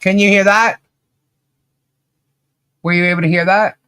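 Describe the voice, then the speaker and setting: Animated woman, laughing through casual chat. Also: mid-range voice, unhurried, no echo. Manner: animated, laughs often while telling stories. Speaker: podcast co-host.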